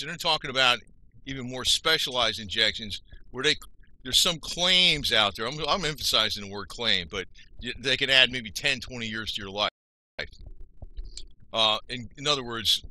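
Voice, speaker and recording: Bright-voiced man talking health off the cuff. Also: on the low side, rough recording. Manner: rambling, with many restarts and self-corrections. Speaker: health talk host. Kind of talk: unscripted health talk.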